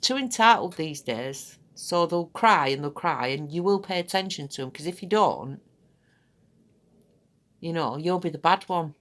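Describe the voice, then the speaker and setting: A woman's voice: low voice, expressive, measured pace, a bit bright. A middle-aged woman chatting casually in a rambling, blunt way while demonstrating a treatment. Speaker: aesthetics practitioner.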